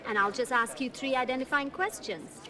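An actress playing a young call center agent, polite and eager on the line. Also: female voice, high voice, a little fast, sharp tone, soft background music.

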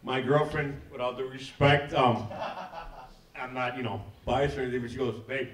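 A man's voice: mid-range voice, steady tone, normal speed, slight background noise. A man in the audience asking the panel a question, eager and rousing the crowd. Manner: enthusiastic, keeps asking "am I right". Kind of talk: casual Q&A from the audience. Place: event hall. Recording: echoey hall, distant mic.

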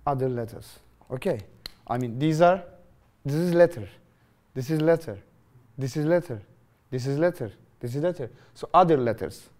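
Guy with teaching a grammar class, fairly high voice, jumps around a lot in pitch, keeps asking "you understand?". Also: moderate pace. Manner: lively, questioning, repeats phrases to students. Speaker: English teacher.

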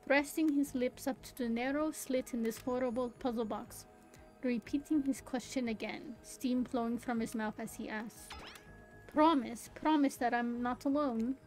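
A young woman streamer narrates a game's story theatrically at a normal speed. Her voice is a little high, slightly mellow, and steady in tone. Giggly, amused asides interrupt the reading from time to time. The recording is rough, with faint background music.

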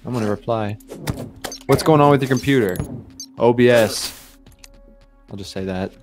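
A young man streaming a game live, chatting casually and excitedly while greeting his viewers. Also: medium pitch, normal speed, music in the background.

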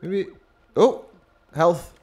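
A man's voice: high-pitched, expressive, drawn-out words, darkish tone. A young man hosting a let's play, chatting casually, laughing often and guiding his co-player through the game. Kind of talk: casual gameplay chat.

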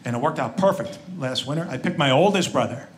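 A man's voice: medium pitch, expressive, fast. A man in his forties doing a conversational, self-deprecating stand-up set with quoted asides, on a live club stage. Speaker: stand-up comedian. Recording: live room with crowd laughter and noise. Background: audience laughter.

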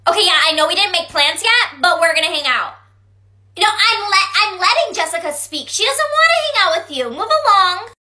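A woman's voice: very high voice, expressive, fairly quick, pushed and bright, full character voice. A woman playing a dramatic teenage girl in a comedy skit, talking in a sassy, dramatic way. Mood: gushing. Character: dramatic teen girl hyping and scolding best friend.

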